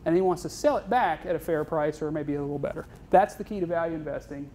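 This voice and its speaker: A man with a slightly high, darkish voice speaks quickly over faint background noise. As a guest speaker on investing, he gives an informal university lecture that's chatty and self-deprecating, full of joking asides, and he caps his points with "right?" and "okay?"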